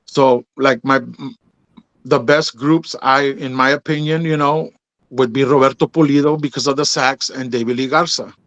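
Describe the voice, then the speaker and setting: A man's voice: medium pitch, fairly even intonation, moderate pace, a bit bright, no echo, highs cut off. A man on an interview show, casually telling his story, calling people "bro" and "man" and acting out the dialogue he quotes. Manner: laid-back, drops in "bro" and "man", acts out quoted dialogue. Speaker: podcast host telling his story as a guest.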